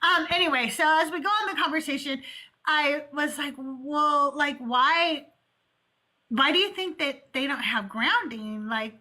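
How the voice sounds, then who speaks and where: A woman with a high, bright voice hosts a call-in show from her home. She tells a story in casual chat, acts out both sides of an argument and swears freely. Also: unhurried. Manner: animated, profane, retells arguments in quotes. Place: home with cats playing.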